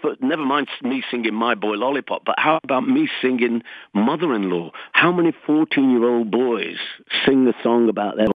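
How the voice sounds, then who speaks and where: An older man from England, chatting as a guest in an interview, self-mocking and lively. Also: mid-range voice, moderate pace, dry recording. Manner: chatty, self-mocking, sings snatches of songs. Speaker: guest musician. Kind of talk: casual interview chat. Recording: tinny dry phone line.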